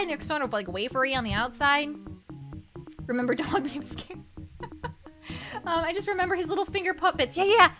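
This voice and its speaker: A young woman streamer chatting casually and reading chat aloud, bubbly, with lots of quick repeated yeahs. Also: high voice, animated. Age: young adult. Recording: stream with music playing behind.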